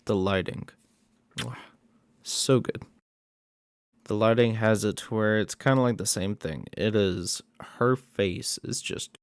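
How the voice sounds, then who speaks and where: A man's voice: on the low side, vocal fry, dry recording, clean studio sound. A man casually recapping a horror movie plot in a rambling way, with many fillers and asides.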